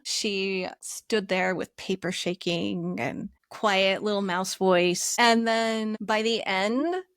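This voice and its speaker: A woman's voice: mid-range voice, no echo, clean studio sound. A woman middle school teacher being interviewed, telling a classroom story and acting out the dialogue in it. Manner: animated, acts out dialogue in her story.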